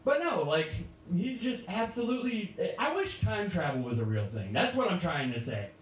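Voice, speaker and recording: Lively, animated stand-up comic man. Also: normal speed, reverberant, distant mic, a little hiss or hum, poor audio. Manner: animated, jumps into shouted high voices. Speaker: stand-up comedian. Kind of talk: stand-up comedy set. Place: comedy club stage.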